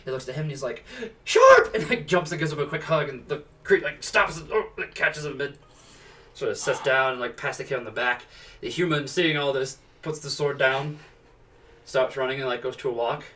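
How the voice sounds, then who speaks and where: Bright-voiced male game master. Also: mid-range voice, fairly quick, far from the mic. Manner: casual, filler-heavy scene description. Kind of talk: narrating a tabletop game.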